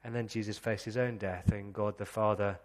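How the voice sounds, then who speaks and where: A man preaching a sermon as pastor, earnest, slowing down to read scripture passages aloud. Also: on the low side, steady tone, darkish tone, in a large hall. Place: church.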